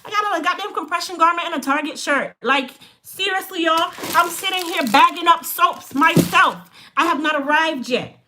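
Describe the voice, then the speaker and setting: Blunt, bright-voiced Chicago woman. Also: very high voice, normal speed. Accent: Chicago with Jamaican touches. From Chicago, United States. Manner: blunt, straight-talking, animated. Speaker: hair care business owner. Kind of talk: casual live-stream storytelling.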